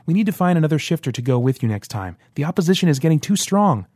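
A man voicing an anxious young male rebel who talks fast and urgently. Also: fairly high pitch, big pitch swings, darkish tone, no echo, clean studio sound, voice pushed up. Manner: urgent, nervous.

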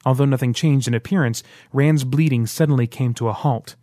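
A man narrating an audiobook in a steady, dramatic storytelling manner. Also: medium pitch, brisk, no echo. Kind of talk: scripted narration.

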